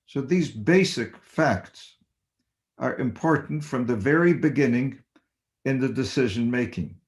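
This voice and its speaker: An older man, a surgeon, giving a measured, deliberate webinar lecture and stressing basic principles. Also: mid-range voice, expressive. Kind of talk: slow academic lecture. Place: home or office on webinar.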